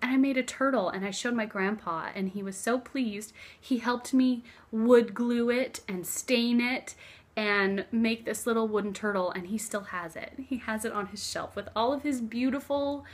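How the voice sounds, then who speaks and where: A woman's voice: on the high side, normal speed. Brief: young woman, craft vlogger, casual heartfelt chat, phone camera in a living room. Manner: chatty and heartfelt, drifting soft and hushed at times. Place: living room, seated on floor. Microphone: phone camera on a stack of books.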